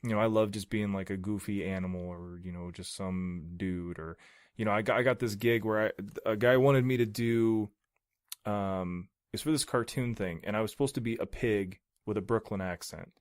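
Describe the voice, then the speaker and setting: A man co-hosting a podcast, a voice actor chatting casually in a rambling, filler-heavy, animated way. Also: on the low side, normal speed, clean tone, no room sound, clean studio sound. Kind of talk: casual chat. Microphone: podcast mic.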